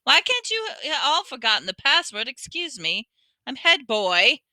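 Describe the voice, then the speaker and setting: Woman putting on a bossy teenage head boy, high and pushy, bright tone. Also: big pitch swings, normal speed, no room sound, exaggerated voice. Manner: bossy and self-important.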